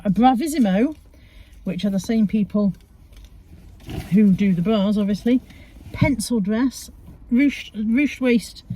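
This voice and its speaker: Chatting from her car, a middle-aged woman runs through her charity shop haul with self-mocking humour in a relaxed, rambling video. Her voice is on the high side with a dark tone.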